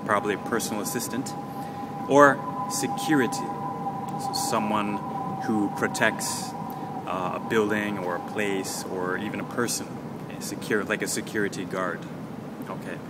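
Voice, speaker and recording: A man hosting an English lesson podcast, patiently repeating words slowly for learners. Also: fairly low pitch, very noisy. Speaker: English teacher and podcast host.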